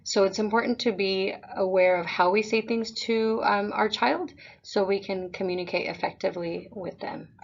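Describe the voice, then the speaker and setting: A woman presenting a parent webinar for a school district, explaining things in a calm, measured way. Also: medium pitch, gravelly, muffled recording.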